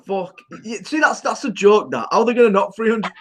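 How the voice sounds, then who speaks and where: A man's voice: high-pitched, expressive, fairly quick, a bit bright, a little hiss or hum. A man co-hosting a casual livestream, bantering, swearing and laughing a lot. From England. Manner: laughs often, teasing. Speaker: co-host of a vaping livestream.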